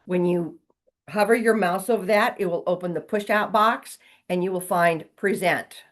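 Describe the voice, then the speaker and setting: A woman's voice: lowish voice, normal speed. A woman teaching real estate agents in a training session, walking through steps and repeating key points. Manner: instructive, repeats key points, asks okay.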